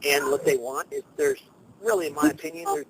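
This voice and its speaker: A man talking casually as a guest, telling stories with lively swings and acting out the people he quotes. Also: a little high, fast, creaky, a little hiss or hum, rough recording. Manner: animated storytelling, acts out quoted people. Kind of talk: casual talk show chat.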